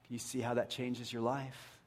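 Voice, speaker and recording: An earnest pastor preaching a sermon, his voice pitched in the ordinary middle range for a man. He leans into his points and sinks to a hushed near-murmur to stress them. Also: flat delivery, normal speed. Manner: earnest, drops to a hushed voice for emphasis.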